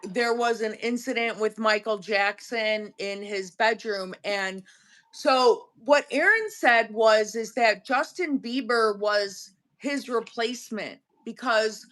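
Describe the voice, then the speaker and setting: A woman's voice: on the high side, slow pace, a bit bright. A woman hosting a livestream, talking bluntly in casual chat and filling with "like". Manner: blunt, uses "like" a lot. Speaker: livestream host.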